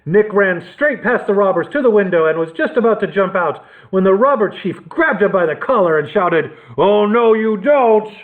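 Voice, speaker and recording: A man's voice: high-pitched, animated, a little fast, hardly any pauses. A male librarian reading a children's adventure story aloud for storytime, with dramatic expression. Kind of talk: storytime read-aloud narration. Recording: tinny phone-like sound.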